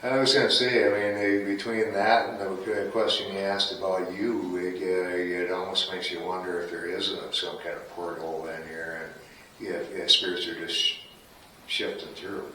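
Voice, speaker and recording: A man's voice: low-pitched, level tone, normal speed, sharp tone. A man on a ghost hunt at night, coaxing a spirit to answer through a device. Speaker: paranormal investigator. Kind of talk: ghost hunt, asking out loud. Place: large old house at night, indoors. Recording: very echoey, distant, faint hiss.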